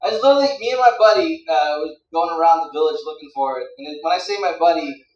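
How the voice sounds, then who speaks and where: A man's voice: fairly high pitch, fast, muffled recording. A young man doing stand-up comedy on a club stage, rambling and teasing the crowd on a handheld mic. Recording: roomy club sound from a distance.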